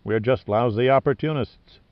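A man voicing an exhausted male adventurer who talks in a weary, flat, understated way. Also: mid-range voice, moderate pace, dry recording, lightly acted. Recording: dull lo-fi dry recording.

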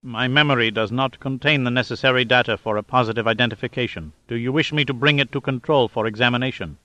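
A man reading a literal-minded robotic male inspector in flat, formal speech. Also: medium pitch, fast, no room sound, muffled recording, lightly acted.

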